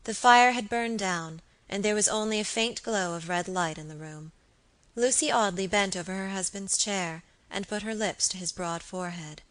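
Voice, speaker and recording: A woman narrating a classic novel in a calm, measured reading. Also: medium pitch. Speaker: audiobook narrator. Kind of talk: scripted narration.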